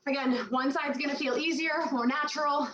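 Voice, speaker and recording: A woman's voice: sits high, fairly even intonation, fairly quick, a bit bright, roomy sound, recorded from a distance, highs cut off, slight background noise. A woman fitness coach giving workout instructions while exercising, out of breath and puffing between sets.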